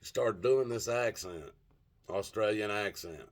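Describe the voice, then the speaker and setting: A man's voice: lowish voice, a little slow. An older man telling a rambling, profane story in a casual vlog, often stopping to search for words. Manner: rambling, profane, gropes for words with many fillers. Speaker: vlogger.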